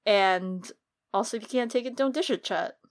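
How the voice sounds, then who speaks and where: A woman co-hosting a casual book podcast, giving animated, opinionated rants about the characters. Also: medium pitch, moderate pace. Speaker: podcast co-host. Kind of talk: casual book-club chat.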